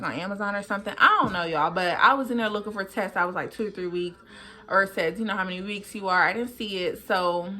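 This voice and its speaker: A young woman vlogger telling a personal story casually, jumping high in pitch to act out what people said. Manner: animated, jumps high in pitch when acting out what people said.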